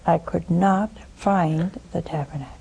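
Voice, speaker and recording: A woman's voice: on the low side, fairly even intonation, unhurried, vocal fry, warm tone, a little hiss or hum, rough recording. A woman hosting a religious call-in show, preaching emphatically with sarcastic asides.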